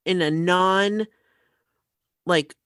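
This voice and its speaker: A woman's voice: on the low side, extremely slow, a bit bright, clear, resonant tone, no room sound, clean studio sound. A woman co-hosting a casual podcast, chiming in with short supportive remarks. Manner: brief backing remarks. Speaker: podcast co-host. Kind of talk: casual chat.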